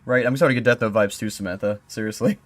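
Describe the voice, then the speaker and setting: A man's voice: lowish voice, fast talker. A young man on a live stream, reading reports aloud, then chatting casually, laughing and thinking aloud as he works out a code. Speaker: streamer exploring an online mystery.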